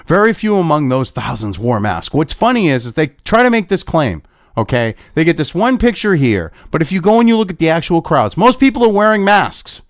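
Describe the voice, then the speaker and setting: A man's voice: fairly high pitch, big pitch swings, a little fast, dry recording, studio quality. A man hosting political commentary, reading through an article and ranting with profanity and sarcasm.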